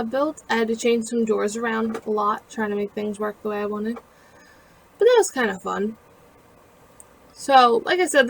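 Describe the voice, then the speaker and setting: A woman's voice: a little high, rough recording. A woman casually narrating her own building video in a chatty, rambling, self-deprecating way with lots of fillers, sounding tired. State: tired and yawning.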